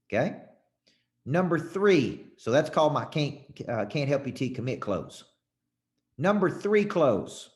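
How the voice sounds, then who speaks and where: Folksy sales coach, man. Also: medium pitch. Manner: folksy, emphatic, role-plays sales scripts with shifting voice tone. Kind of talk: coaching talk to a live audience.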